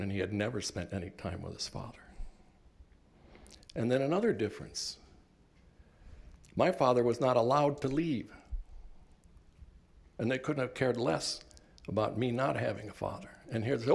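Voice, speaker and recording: A man's voice: mid-range voice, normal speed, vocal fry, long pauses. An older man born in Cuba, a professor giving an earnest, reflective talk about his life and work, with touches of wry humor. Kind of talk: personal reflective lecture.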